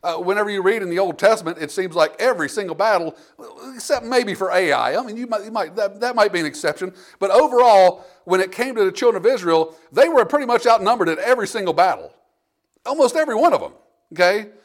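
A man's voice: high voice, lively intonation, fast talker. A man preaching a sermon in a conversational way, repeating himself and acting out quotes from scripture. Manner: conversational preaching with frequent restarts and acted-out quotes. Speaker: pastor.

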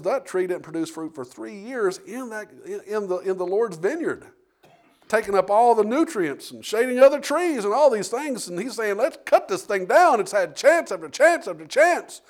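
A man's voice: mid-range voice, darkish tone. A man preaching a sermon to a church congregation. He asks rhetorical questions, acts out the dialogue of the story and repeats words as he builds his points. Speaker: pastor. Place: church sanctuary.

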